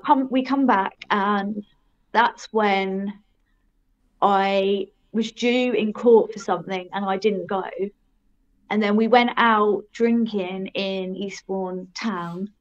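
A woman's voice: medium pitch, muffled recording. A young woman telling her own story in a frank, rambling way and laughing at herself. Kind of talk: casual storytelling.

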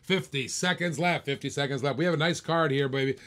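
An Australian man calls bids in a live-stream auction, full of hyped-up patter and playful teasing of the bidders, working the crowd like a showman. His voice sits a bit high for a man, fairly bright and a little fast.

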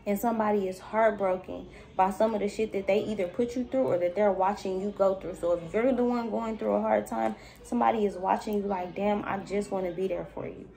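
A woman's voice: mid-range voice, fairly even intonation, brisk, gravelly, few pauses, warm tone. A woman giving a chatty spiritual reading straight to her viewers, full of loose filler and calling the listener baby. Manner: talks straight to the viewer, calls them baby. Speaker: spiritual reader. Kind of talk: casual intuitive reading to viewers.

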